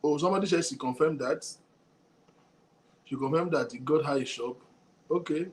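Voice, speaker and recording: A man with a Nigerian accent hosting a show, commenting in a measured way on a clip and on viewer comments. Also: fairly high pitch. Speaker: host.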